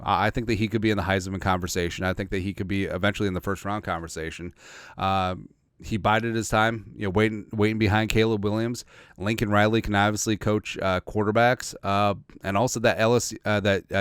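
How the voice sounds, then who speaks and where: A man's voice: lowish voice, steady tone, brisk, a bit bright, smooth, no room sound, clean studio sound. A man hosting a sports podcast, talking casually and sarcastically, rambling and trailing off into mutters. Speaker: podcast host.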